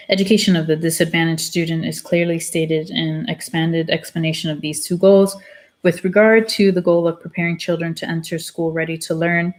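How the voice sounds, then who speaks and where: A woman with a lowish, slightly mellow voice reads a book aloud on her own channel. Between passages she breaks off to give blunt, opinionated commentary.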